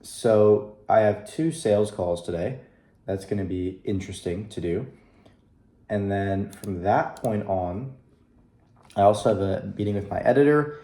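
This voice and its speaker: A man's voice: lowish voice, measured pace, dark tone. A young man talking casually to the camera in a video diary, upbeat and rambling, with fillers, at his computer. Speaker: vlogger. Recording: echoey room.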